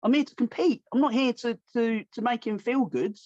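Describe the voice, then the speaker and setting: A man with a fairly high voice tells stories in a casual podcast chat, jumping into the voices of people he quotes. The recording is dry and slightly dull, with a lo-fi tone. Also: fairly quick, dry recording. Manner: animated, acts out quoted voices. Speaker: podcast host.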